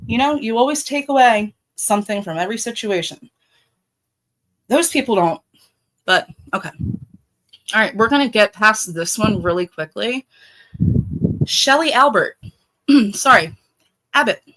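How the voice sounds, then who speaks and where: A woman's voice: on the high side, lively intonation, moderate pace, pauses often, fairly bright tone, low-quality recording. A middle-aged woman with a Baltimore accent hosting a casual livestream, blunt and profane, talking straight to her chat. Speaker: livestream host.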